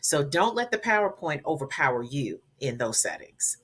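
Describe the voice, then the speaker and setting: A woman from the American South talks as a public speaking coach, her voice lowish and bright with a forceful edge. She lays out advice emphatically and repeats the words she wants to stick. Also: very animated, moderate pace, slightly rough. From Southern United States. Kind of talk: advice in a podcast interview.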